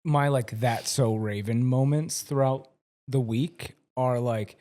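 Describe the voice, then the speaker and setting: An enthusiastic man co-hosts a relaxed chat about a TV episode. He talks freely and trusts his gut when he explains things. His voice sits at a middle pitch. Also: slow pace. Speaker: podcast co-host. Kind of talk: casual chat.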